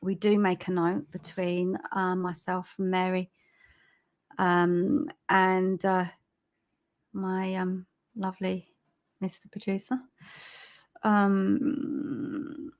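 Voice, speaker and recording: A woman giving a live-streamed psychic reading, soft and halting, with frequent ums and repeated phrases. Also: lowish voice, monotone. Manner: laughs at herself over tech trouble. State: choked up with emotion. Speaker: psychic medium.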